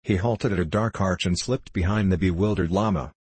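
A man narrating a classic novel as an audiobook, in a measured storytelling manner. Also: sits low, darkish tone, breathy edge, dry recording. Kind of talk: scripted narration.

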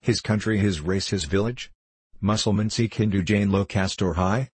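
A man reading the part of a gruff, suspicious elderly horse trader in a storybook. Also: on the low side, moderate pace, no room sound. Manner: blunt, suspicious, commanding.

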